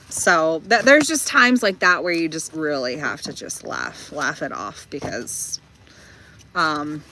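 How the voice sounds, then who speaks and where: Young woman vlogger, slow and bright, chatty and meandering, speaking from inside a van. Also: lowish voice, slight background noise. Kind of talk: casual rambling storytelling.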